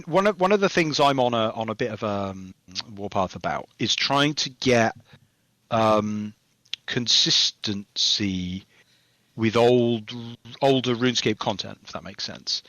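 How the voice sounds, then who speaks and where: A man talking as a game developer guest on a podcast, rambling and hesitant, then animated when telling stories. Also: medium pitch, no echo. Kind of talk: casual podcast chat.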